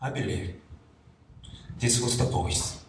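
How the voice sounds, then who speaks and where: Slow, reflective male preacher in a roomy church. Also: low voice. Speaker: pastor. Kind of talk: sermon. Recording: roomy, distant mic with faint background noise.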